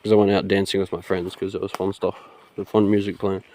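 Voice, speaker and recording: Rambling young man, low mellow voice. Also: flat delivery, quick pace, slight background noise. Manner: rambling, laughing, swearing freely. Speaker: vlogger. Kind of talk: casual storytelling. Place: outdoors. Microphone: phone.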